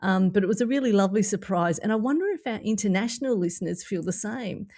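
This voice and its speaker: A woman's voice: mid-range voice, animated, fast talker. A woman from Australia with an Australian accent, hosting a podcast in casual, enthusiastic chat. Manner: enthusiastic, warm praise, laughs often. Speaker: podcast host.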